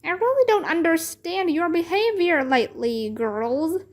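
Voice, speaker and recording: A woman voicing a strict but patient male schoolteacher who corrects grammar slowly and firmly in a children's book read-aloud. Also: very high voice, animated, voice pushed up. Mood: stern. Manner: slow, correcting, measured. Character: strict patient male first-grade teacher.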